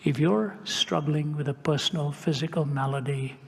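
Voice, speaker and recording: An older man preaching a storytelling sermon in a conversational way, sinking into hushed tones at solemn moments. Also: on the high side, moderate pace, vocal fry. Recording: reverberant hall.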